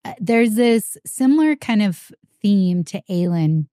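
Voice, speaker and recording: Mellow-voiced woman cohosting a book podcast, chatty, dry close sound. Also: medium pitch, expressive, measured pace, no echo. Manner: chatty, lots of fillers and quoted asides. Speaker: podcast co-host. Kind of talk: casual chat.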